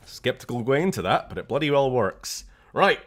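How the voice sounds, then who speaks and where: A man's voice: medium pitch, fairly bright tone. A young Scottish man chatting casually and jokily while streaming a game, swearing now and then.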